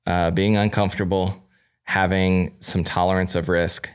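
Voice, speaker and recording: A man's voice: sits low, little pitch movement, normal speed, clean tone. A middle-aged man, a guest on a podcast, talking candidly in a casual, self-deprecating way with frequent fillers. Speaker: guest, staging company owner.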